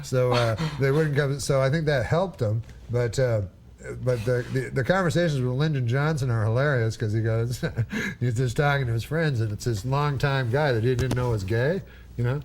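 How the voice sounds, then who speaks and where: Male guest, deadpan storyteller, mid-pitch, casual talk-show chat. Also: moderate pace, a little hiss or hum. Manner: deadpan storyteller, laughs at own stories.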